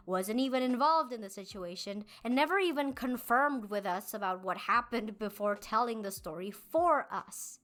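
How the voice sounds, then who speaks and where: A woman in her twenties, a medical student, narrating a scripted commentary video in a measured, explanatory way. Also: mid-range voice, fairly bright tone. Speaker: YouTube commentary host.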